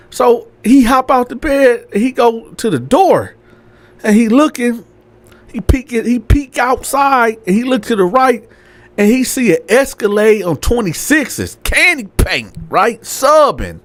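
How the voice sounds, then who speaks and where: A man's voice: high-pitched, measured pace. A man telling a story in a casual, slangy way, checking in with "right?" and acting out the people in it. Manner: animated, slangy, repeats "right?". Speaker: storyteller, channel host. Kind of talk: casual storytelling with acted voices.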